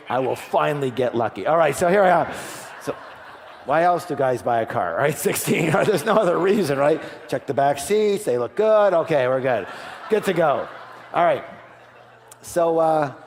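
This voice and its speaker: A middle-aged man at a seminar, telling a story with lively energy and acting out each line of dialogue. His voice sits at a mid pitch. A long reverb rings after it in a big hall. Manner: animated storytelling, acts out dialogue, asks the audience. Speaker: seminar speaker. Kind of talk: live motivational seminar talk.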